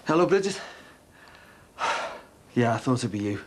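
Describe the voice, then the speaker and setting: An angry dad. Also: male voice, medium pitch, big pitch swings, normal speed. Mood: weary. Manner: confrontational, sarcastic. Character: angry father of a teenage daughter. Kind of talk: TV soap drama acting.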